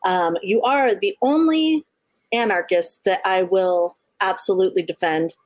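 A woman co-hosting a podcast in casual chat, effusive and quick to laugh, swearing freely. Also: medium pitch, dry recording. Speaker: podcast co-host.

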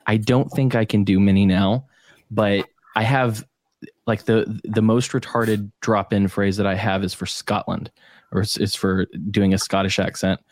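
A man's voice: fairly low pitch, fairly even intonation, measured pace, no room sound. A man hosting a podcast, chatting casually in a rambling, jokey way and laughing often. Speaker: podcast host.

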